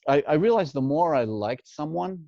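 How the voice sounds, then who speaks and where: A man's voice: fairly high pitch, expressive, moderate pace, gravelly, warm tone, no room sound, highs cut off. A man from Australia, a guest impressionist telling stories in a chatty way, laughing often and repeating words as he starts. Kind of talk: casual interview storytelling.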